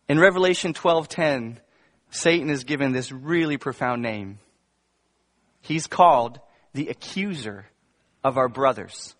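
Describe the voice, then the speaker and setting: Speaking in a medium-pitched, slightly bright voice, a pastor addresses his congregation at church. He keeps the sermon conversational, mixing in jokes on the side and sudden emphatic bursts.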